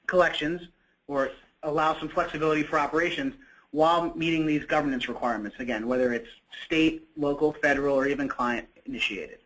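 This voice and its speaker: A man's voice: fairly high pitch, fairly bright tone, poor audio. A man presenting a product in a webinar, talking conversationally with frequent fillers and self-corrections.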